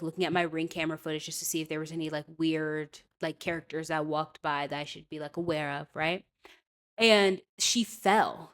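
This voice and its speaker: Chatty podcast host woman, lowish voice. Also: a bit bright. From California. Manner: chatty, digressive, emphatic with frequent "okay?". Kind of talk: casual storytelling rant.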